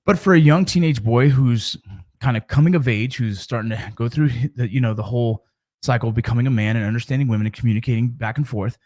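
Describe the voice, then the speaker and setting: A man's voice: medium pitch, fast talker, a little mellow. A middle-aged man and father talking casually to camera about mentoring, in a rambling, conversational way with frequent restarts.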